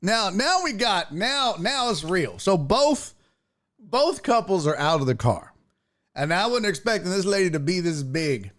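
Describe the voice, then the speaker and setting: A man hosting a show, casually commenting on a video with profane jokes and mimicking the people in it. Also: measured pace. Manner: animated, profane, mimics people in high voices. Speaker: show host.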